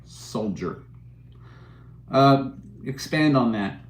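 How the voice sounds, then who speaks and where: A man runs a casual livestream, answering viewers' comments one after another. He jokes and rambles, often breaking into a chuckle. His voice is mid-pitched and rings in a roomy, echoing space. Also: expressive, drawn-out words. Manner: joking, rambling, chuckling while reading chat. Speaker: livestream host. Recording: roomy echo.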